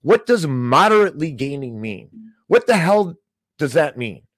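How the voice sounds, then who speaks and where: A man's voice: a little high, sing-song, moderate pace, no room sound. A man hosting a podcast, ranting about the week's financial news with sarcastic, mocking, theatrical outrage. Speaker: podcast host.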